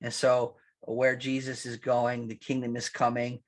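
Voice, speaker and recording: A man preaching a sermon as pastor, conversational and animated, acting out quotes and restarting his sentences. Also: mid-range voice, a little slow. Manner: animated, acts out quotes, laughs at his own lines.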